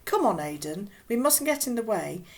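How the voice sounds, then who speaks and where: A woman reading aloud voices a mother gently coaxing her son. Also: medium pitch, sing-song, moderate pace.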